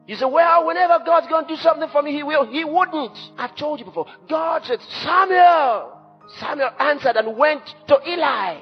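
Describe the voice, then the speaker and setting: Emphatic preacher, high lively voice. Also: male voice. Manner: emphatic preaching with sudden shouts and dramatic drops. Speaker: pastor. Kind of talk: sermon. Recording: dull lo-fi sermon recording with faint music.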